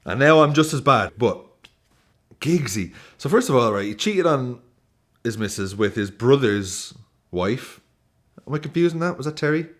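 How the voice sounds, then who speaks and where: A man talks about football in a loose, casual way, full of laughs and swearing. His pitch bounces all over the place, and his delivery stays animated and expressive throughout. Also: moderate pace. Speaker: football YouTuber.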